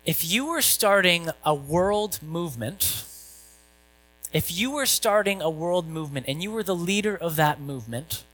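A man's voice: fairly high pitch, lively intonation, moderate pace, a bit bright, low-quality recording. A male pastor giving a conversational sermon, asking rhetorical questions and reading scripture.

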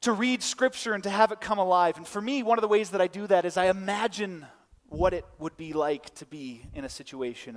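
Male pastor, fairly high voice, chatty sermon with side notes, long hall reverb. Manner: conversational, many restarts and side notes. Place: church.

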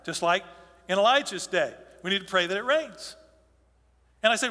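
A man's voice: sits high, expressive, fairly quick, bright, forceful tone, in a large hall. A man preaching a sermon as pastor, in a conversational storytelling way with asides and restarts.

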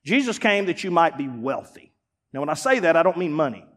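A man preaches, his voice pitched high and swinging widely from booming emphasis to hushed asides. His delivery is folksy and emphatic. The sound carries the long reverb of a church hall. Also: big pitch swings, brisk. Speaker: pastor. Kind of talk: sermon. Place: church sanctuary.

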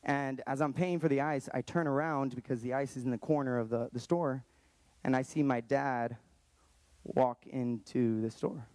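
A man in his thirties telling a personal story in an earnest, halting way, often restarting his sentences. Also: medium pitch, fairly even intonation, darkish tone, no echo. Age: 30s. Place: Texas, around Austin.

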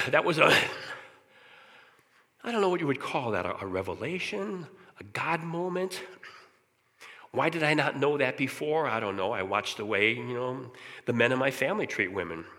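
A middle-aged man giving an earnest personal testimony in church, often clearing his throat as he talks. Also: mid-range voice, lively intonation, normal speed, long pauses, bright, forceful tone. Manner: earnest, candid storytelling. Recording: long reverb of a large hall.

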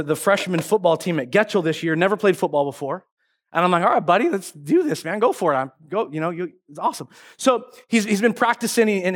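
Middle-aged pastor, man with a very high voice, playful and animated, good for a sermon opener. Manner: animated, joking storyteller.

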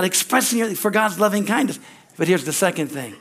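Guy preaching sunday church sermon, slightly higher voice, goes loud then drops quiet. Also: very animated, normal speed. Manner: call-and-response preaching with frequent amens and hallelujahs; swings between loud exclamations and quiet asides. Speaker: pastor. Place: church sanctuary.

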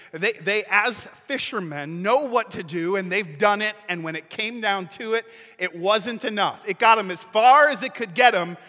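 A man preaching a sermon as pastor, telling the story with lively humor. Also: high-pitched, big-room sound.

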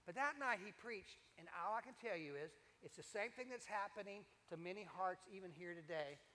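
An older man, a preacher telling his testimony in a sermon, animated and full of repetitions and asides to the congregation. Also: high-pitched, a little fast. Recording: long hall reverb.

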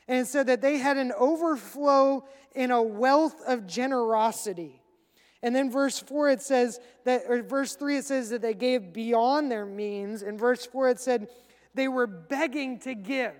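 A male pastor preaching a sermon in a conversational way, acting out quick asides. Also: extremely high pitch, long reverb tail.

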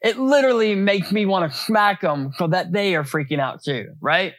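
Male pastor, higher voice, dry close sound, casual sermon, rhetorical questions, repeats words. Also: normal speed, fairly bright tone, dry recording.

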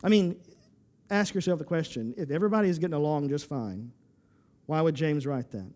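High-voiced man preaching a sermon. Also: fairly quick, darkish tone. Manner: emphatic, repetitive, rhetorical questions, stammering restarts. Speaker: pastor.

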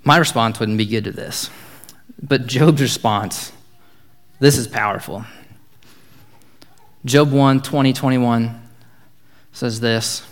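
A man's voice: mid-range voice, slow, long pauses. Casual young man retelling a Bible story. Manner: casual, joking, upbeat storytelling.

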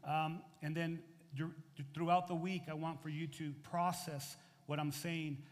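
High-voiced animated male pastor preaching. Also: unhurried. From United States. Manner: animated, rising and falling in loudness, conversational asides to the congregation. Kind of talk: sermon. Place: church sanctuary. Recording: reverberant hall.

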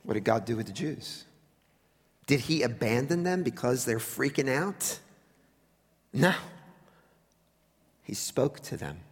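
A man preaching a sermon in a conversational way, with wry asides, sometimes dropping to a hush for emphasis. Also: mid-range voice, very animated, slow, long pauses, slightly rough, big-room sound. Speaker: pastor.

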